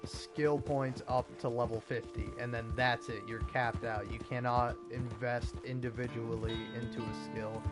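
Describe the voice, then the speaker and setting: A man's voice: mid-range voice, level tone, unhurried, hardly any pauses. Rambling man over game music. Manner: rambling, hesitant, lots of filler words. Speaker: gaming video host. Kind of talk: casual commentary over gameplay. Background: game music and horse hooves.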